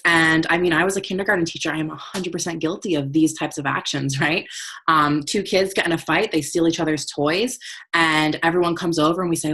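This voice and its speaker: A woman's voice: low voice, fairly even intonation, brisk, a bit bright, husky. A woman teaching about emotional intelligence in a conversational, motivational way. She keeps checking in with her listeners and talks frankly, with the odd swear word. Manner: frank, uses casual swearing.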